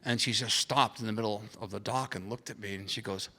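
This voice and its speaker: A man's voice: on the low side, fairly even intonation, a little fast, vocal fry, sharp tone. A middle-aged man speaking on a conference panel, telling stories in a rambling way with restarts and acting out quoted voices. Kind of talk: conversational storytelling on a panel. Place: conference hall. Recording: long hall reverb.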